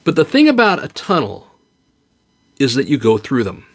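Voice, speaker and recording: A man's voice: medium pitch, wildly swooping pitch, moderate pace. A man hosting a podcast, giving an earnest, comforting monologue that turns to light joke telling. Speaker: podcast host. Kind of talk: heartfelt encouraging monologue.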